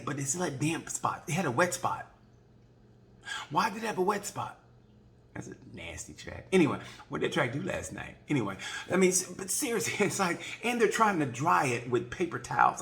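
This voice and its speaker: A man giving a casual, rambling race recap, joking and acting out quick voices along the way. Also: medium pitch, a bit bright. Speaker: motorcycle racing video reviewer.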